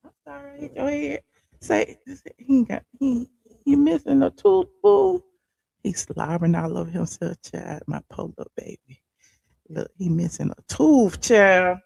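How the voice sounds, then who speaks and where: A woman's voice: mid-range voice, gravelly, darkish tone, dry recording. A woman hosting a casual live stream, chatting to her viewers and calling them child and honey. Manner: chatty, talks to the chat, calls listeners child and honey. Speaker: livestream host. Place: small room at home. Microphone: computer mic at a desk.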